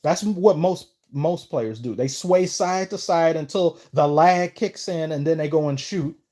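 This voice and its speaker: Rambling man chatting on a live stream. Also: a little slow. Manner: rambling, trails off and restarts sentences; lively, pitch jumps up when excited. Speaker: streamer answering chat. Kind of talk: casual live-stream chat.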